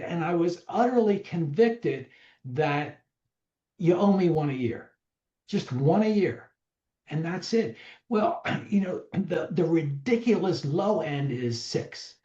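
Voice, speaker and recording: A man's voice: sits high, expressive, slow, dark tone. A man giving an emphatic, conversational seminar talk to a live audience, acting out sample dialogues as he teaches. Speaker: real estate trainer. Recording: roomy, slightly dull recording.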